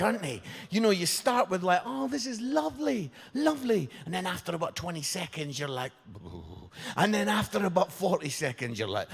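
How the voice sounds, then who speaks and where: A man in his fifties giving a humorous, animated sermon, joking with the congregation as he tells stories. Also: on the high side. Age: 50s. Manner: animated, jokey, crowd-engaging. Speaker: preacher. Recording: long hall reverb.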